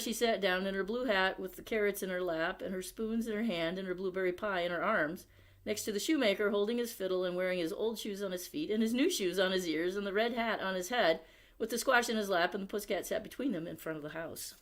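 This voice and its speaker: A woman's voice: mid-range voice, brisk. Woman reading a picture book aloud. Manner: expressive, with chatty asides to young listeners. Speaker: library storyteller.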